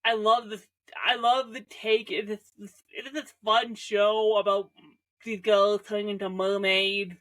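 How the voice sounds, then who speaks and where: A woman's voice: medium pitch, little pitch movement, a little slow, a bit bright. Rambling young woman reviewing TV. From Canada. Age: young adult. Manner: chatty, self-interrupting, heavy on "like", jokey asides. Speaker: TV show reviewer.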